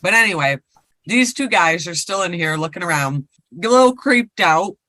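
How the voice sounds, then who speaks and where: A woman's voice: on the low side, animated, normal speed, bright, forceful tone, no room sound. A woman co-hosting a podcast, casually retelling a ghost story and rambling with lots of fillers. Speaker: podcast co-host.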